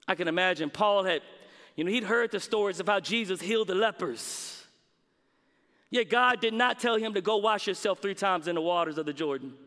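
A man preaching a sermon, with dramatic pauses and emphatic repetition. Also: very high voice, bright, forceful tone. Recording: long reverb of a large hall.

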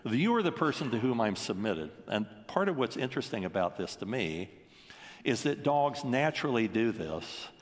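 A man's voice: mid-range voice, very animated, normal speed, big-room sound. A man preaching a sermon, earnest and full of rhetorical questions.

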